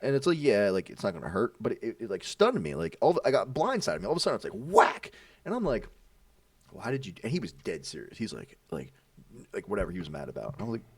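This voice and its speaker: A young man, a podcast co-host, tells childhood stories in a low voice that swings wildly up and down as he acts out each person. He laughs often. He sits some way back from the mic in a dry room. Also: huge pitch swings, quick pace, a little mellow, no room sound, far from the mic. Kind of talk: casual storytelling chat.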